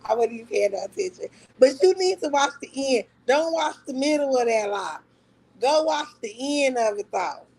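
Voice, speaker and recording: A high-voiced woman holds forth on her livestream in a loose, casual rant. She mocks her target with profane trash talk and breaks into laughter often. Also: lively intonation, normal speed, darkish tone, husky, low-quality recording. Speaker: livestream host. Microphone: talking to a phone on a live stream.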